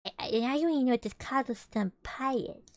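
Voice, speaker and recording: A woman's voice: high-pitched, fast, a little mellow, no room sound. A woman streamer reading a children's book aloud with chatty, playful asides to her viewers. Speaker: vtuber streamer.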